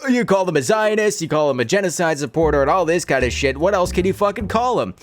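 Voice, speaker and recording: A man's voice: high-pitched, expressive, fast talker. A man ranting sarcastically with lots of swearing while doing commentary for his YouTube video.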